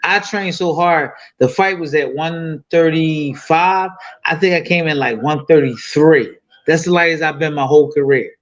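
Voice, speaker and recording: A man's voice: on the high side, normal speed, lo-fi sound. A man in his fifties telling a fight story in loose, profane casual talk full of fillers. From United States. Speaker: boxing guest.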